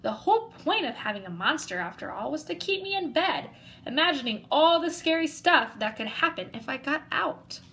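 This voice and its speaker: A woman reading a children's picture book aloud and telling it as a young boy would. Her voice sits a little high, bright and lively, rising and falling freely. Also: normal speed, slight background noise, rough recording. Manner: expressive, voicing a young boy narrator. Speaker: storybook reader.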